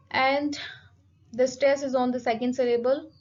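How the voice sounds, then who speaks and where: A woman giving a phonetics lecture, slowly repeating each example word. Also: sits high, little pitch movement. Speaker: English teacher. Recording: dull lo-fi recording.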